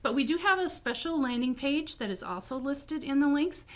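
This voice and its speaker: A middle-aged woman with a slightly high voice talks casually in a quilt shop. She is enthusiastic and chatty. She hesitates with ums and repeats words like beautiful. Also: lively intonation, moderate pace. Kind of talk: casual product presentation.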